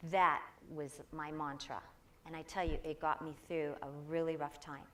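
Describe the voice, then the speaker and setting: A woman's voice: low voice, level tone, moderate pace, slight background noise. An older woman giving an inspirational talk to a congregation, telling personal stories in an earnest way. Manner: personal storytelling, warm and earnest, with quoted voices. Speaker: guest speaker.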